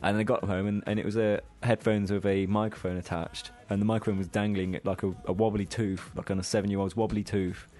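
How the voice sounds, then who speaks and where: A man's voice: fairly low pitch, flat delivery, fast, hardly any pauses, a little mellow. A man co-hosting a casual podcast, rambling, self-mocking and full of ums and little laughs. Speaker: podcast co-host. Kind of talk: casual chat.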